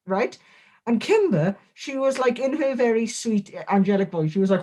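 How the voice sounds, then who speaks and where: A man, a guest on a comedic in-character interview, rambling through absurd jokes in a deadpan way. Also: extremely high pitch, normal speed.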